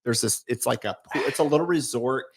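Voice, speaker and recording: A man co-hosting a podcast, chatting casually and telling animated stories, acting out the voices he quotes and laughing often. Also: medium pitch, a little fast, husky. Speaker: podcast co-host. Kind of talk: casual chat.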